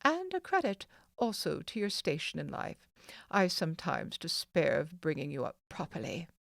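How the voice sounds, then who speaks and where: A woman's voice: low-pitched, wildly swooping pitch, normal speed, vocal fry, no echo, studio quality, exaggerated voice. A woman voicing a haughty wealthy mother in an audiobook, speaking coldly and sharply. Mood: sarcastic. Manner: cold, sharp, scornful. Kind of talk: audiobook character voice.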